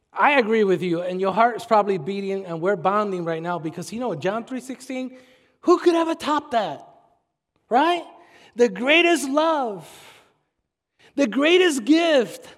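A man preaching a sermon as pastor, animated, with sudden shouts and mocking put-on voices. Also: extremely high pitch, long reverb tail.

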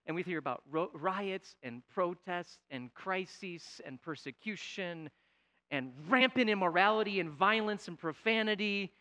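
Bright-voiced, high-pitched preacher. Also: male voice, lively intonation, measured pace. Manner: dramatic swings between loud pleading and quiet emphasis. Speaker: pastor. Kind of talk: sermon.

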